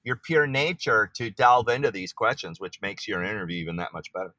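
Interview guest, male, bright and dry close sound, eager and rambling. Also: on the low side, animated, a little fast, dry recording. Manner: enthusiastic, searching for words. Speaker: pop artist guest. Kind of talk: interview conversation.

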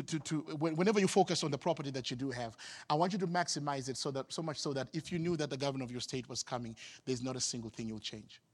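A man from Zimbabwe preaching a sermon as a pastor, animated, swinging from loud exclamations to quiet asides. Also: medium pitch, slightly rough, in a large hall.

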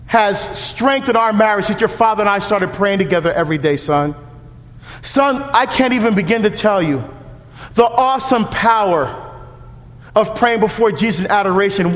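A man's voice: sits high, fairly bright tone, voice pushed down. A man voicing a sweet, earnest devout grandmother. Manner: sweet, earnest, slipping in prayers. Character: devout grandmother, middle-aged, gently pointed. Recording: echoey church hall, long reverb.

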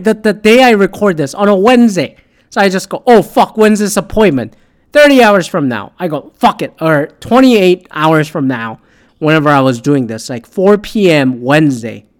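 A man hosting a podcast, rambling in a casual monologue and swearing a lot, jumping between loud outbursts and mumbled asides. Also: a little high. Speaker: podcast host.

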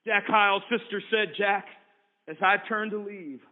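A man preaching a dramatic sermon, swinging from loud emphatic declarations to hushed low tones. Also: unhurried. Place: camp meeting. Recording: tinny phone-like sound.

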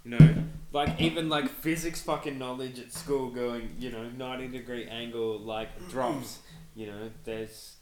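A man's voice: medium pitch, moderate pace, crowd noise. Swearing man telling stories. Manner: swears constantly, animated storytelling with laughter. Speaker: podcast co-host. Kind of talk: casual storytelling chat. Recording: echoey room.

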